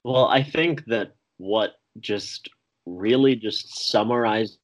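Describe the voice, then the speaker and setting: Dry, teasing young man with a lowish voice. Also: takes it slowly, poor audio. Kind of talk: casual livestream chat.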